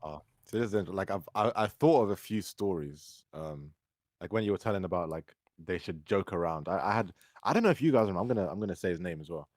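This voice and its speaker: A young man, co-hosting a casual podcast and telling animated stories. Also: low-pitched, fast, no room sound, clean studio sound. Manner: storytelling, animated when quoting others. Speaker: podcast co-host. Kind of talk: casual chat.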